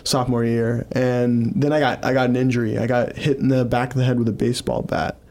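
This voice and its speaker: A man's voice: mid-range voice, level tone, fairly quick, darkish tone. A young man, a comedian guest on a podcast, telling stories in a rambling way full of fillers. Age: young adult. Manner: rambling storyteller, filler-heavy "like". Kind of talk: casual chat.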